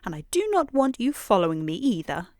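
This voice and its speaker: A woman's voice: mid-range voice, very animated, brisk, no echo, studio quality, lightly acted. A woman doing a weepy little girl. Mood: sulky. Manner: soft storybook voicing.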